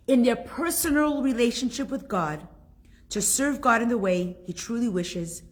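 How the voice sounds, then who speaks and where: This woman, whose voice has a breathy edge, hosts a religious class streamed live online and reads out comments from viewers. Her emotional delivery swings from excited highs down to almost a whisper.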